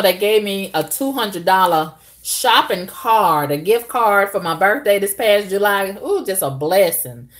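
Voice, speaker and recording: Animated woman telling a story. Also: mid-range voice. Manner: animated, talks to herself and her viewers, acts out both sides of conversations. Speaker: vlogger. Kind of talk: casual storytelling to viewers.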